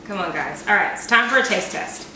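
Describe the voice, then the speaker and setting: A woman's voice: mid-range voice, animated, a little fast, noisy background. Chatty woman in an echoey kitchen. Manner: chatty and playful, self-deprecating. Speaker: cooking vlogger. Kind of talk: casual cooking demo chat. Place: home kitchen. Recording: echoey kitchen, mic at a distance.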